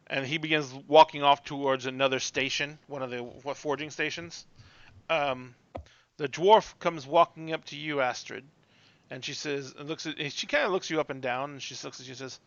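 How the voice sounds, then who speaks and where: Bright-voiced man running a tabletop game. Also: fairly high pitch, fairly even intonation, moderate pace, dry recording, dull audio. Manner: rambling, hesitant narration. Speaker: game master.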